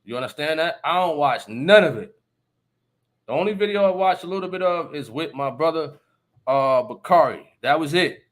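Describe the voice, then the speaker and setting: A man's voice: a little high, animated, moderate pace. A man hosting a casual live stream, talking emphatically and often asking listeners if they understand. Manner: laughs between remarks. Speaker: livestream host.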